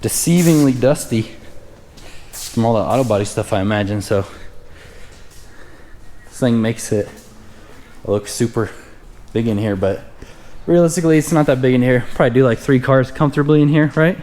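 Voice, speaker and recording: A man's voice: mid-range voice, moderate pace, long pauses, a little mellow, a little hiss or hum. Laid-back young man vlogging casually. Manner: laid-back, joking, slangy. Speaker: car vlogger. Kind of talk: casual chat.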